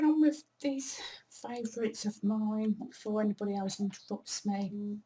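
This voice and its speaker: A woman's voice: mid-range voice, measured pace, mellow. A woman, chatting casually and rambling in a self-deprecating way as a vlogger. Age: 40s. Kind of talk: casual monthly favourites chat.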